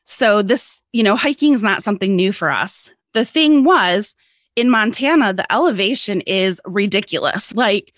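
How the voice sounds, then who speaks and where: A woman's voice: mid-range voice, animated, normal speed, a bit bright, no room sound, clean studio sound. A woman guest on a podcast telling a personal story in a candid, casual way, swearing freely and laughing often.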